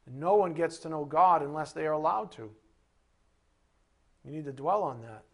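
A man giving a sermon as a Bible teacher, animated, asking rhetorical questions and acting out little scenes. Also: a little high, normal speed.

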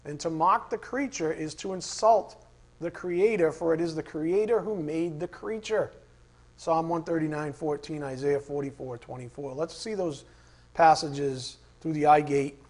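A man teaching a Bible study class. He asks the class questions, reads verses slowly and repeats the key lines. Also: fairly high pitch, a little mellow. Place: classroom with a board.

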